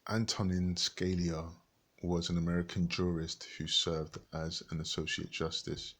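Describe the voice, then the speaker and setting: A man reading a book aloud haltingly, stopping to look up words and rereading passages. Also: sits low, little pitch movement, fairly bright tone. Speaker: reader.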